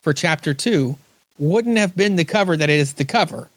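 Recorded dry, this podcast host's voice sits on the high side and is expressive, moving at a normal speed. He chats casually about comics, recapping scenes in a meandering way and performing the quoted lines.

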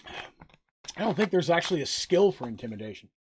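A man's voice: a little high, sing-song, moderate pace, slight background noise. A man narrating a tabletop game as game master, casual and rambling with fillers.

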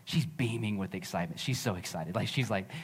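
A man's voice: on the low side, brisk, husky. A man in his thirties preaching a sermon as pastor, earnest and conversational, often repeating phrases.

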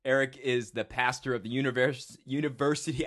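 A man's voice: mid-range voice, fairly even intonation, brisk, a bit bright. A man hosting a podcast in casual chat, rambling and joking at his own expense with frequent restarts. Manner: rambling, self-mocking, with restarts. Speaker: podcast host.

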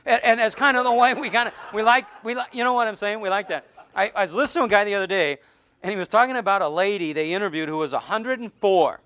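A man's voice: high voice, fast, sharp tone, no echo. A middle-aged man preaching to his congregation in a conversational, joking way, with stammered restarts. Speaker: pastor. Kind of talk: sermon.

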